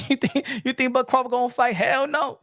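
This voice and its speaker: A man's voice: extremely high pitch, level tone, normal speed, a bit bright, no echo, studio quality. A man, ranting as a profane, mocking boxing commentator.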